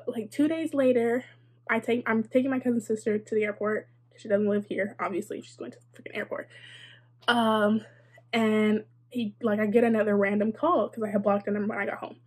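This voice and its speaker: Chatty young woman with a husky voice. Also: fairly high pitch. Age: young adult. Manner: chatty and sarcastic, many likes and asides. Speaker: vlogger. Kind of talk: casual storytime.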